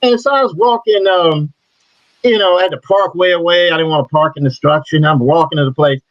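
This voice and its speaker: A man's voice: fairly high pitch, fairly quick. A man telling blunt, profane stories as a comic book illustrator being interviewed. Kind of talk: casual interview storytelling. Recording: dull lo-fi dry audio.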